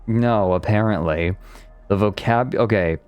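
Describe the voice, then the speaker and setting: Reading a document out loud on stream, a man nitpicks its grammar in a thoughtful way, laughing as he goes in this casual analytical chat. He speaks at a measured pace in a low, smooth, darkish voice, with no room sound.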